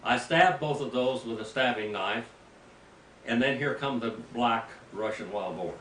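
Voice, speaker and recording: Older preacher telling a folksy tale, roomy. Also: male voice, mid-range voice, a little slow. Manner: folksy, animated storytelling with sudden loud bursts. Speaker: pastor. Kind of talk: storytelling sermon. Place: mission field, preaching to a group. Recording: roomy, distant mic with faint ambient noise.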